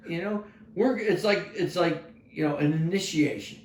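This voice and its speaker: Profane older army veteran storyteller. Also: male voice, a little high, moderate pace, a little hiss or hum. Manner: profane, animated storyteller acting out shouts. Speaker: retired army sergeant major telling war stories. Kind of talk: casual storytelling with heavy swearing. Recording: echoey room.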